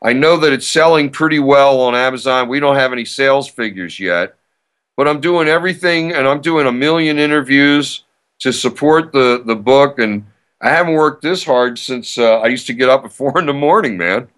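Here an older author and radio host gives a casual podcast interview, sounding eager and chatty while promoting himself and often starting over mid-thought. His voice sits at medium pitch, fairly bright, at a moderate pace.

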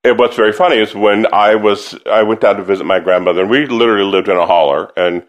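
A fairly low-voiced man from the American South talks casually as an interview guest. He tells his stories in a rambling, chatty way with frequent restarts, the way an opera singer talks offstage. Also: steady tone, fast, lo-fi sound. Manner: chatty, laughing storyteller with many restarts.

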